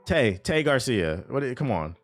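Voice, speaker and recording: A man rants about gaming news on his stream, profane and sarcastic and quick to laugh. His voice swings widely and stays animated, sitting at an ordinary male pitch. Soft music plays faintly beneath him. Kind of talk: casual profane reaction rant.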